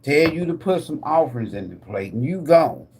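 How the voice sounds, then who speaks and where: A man hosting a live tarot stream, ranting like a preacher with lots of swearing. He laughs often, asks his viewers questions, and swings between loud bursts and muttered asides. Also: on the high side, sing-song, moderate pace, creaky, slight background noise. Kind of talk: profane preacher-style rant.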